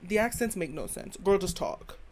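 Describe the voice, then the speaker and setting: Her voice is fairly low, a little mellow, with lively intonation at a normal speed. As host of her own show, this young woman delivers a casual, dramatic and blunt opinion rant full of swearing, constantly calling the listener "girl."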